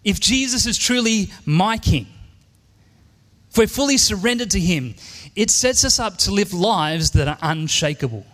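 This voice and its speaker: Earnest high-voiced Australian preacher man. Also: animated, moderate pace, a bit bright, in a large hall. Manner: earnest, emphatic, repeats key lines. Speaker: pastor. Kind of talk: sermon. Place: church.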